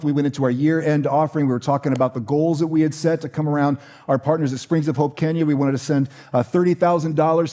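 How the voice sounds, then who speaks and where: Mellow-voiced pastor, conversational. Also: male voice, on the high side. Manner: conversational, warm-hearted, with many fillers and restarts. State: choked up. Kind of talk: sermon with announcements.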